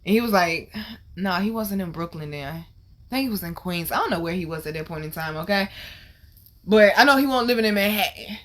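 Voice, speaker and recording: A woman hosting her vlog, retelling a story in casual, animated, slang-heavy talk with plenty of swearing. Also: on the low side, brisk. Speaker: vlog host.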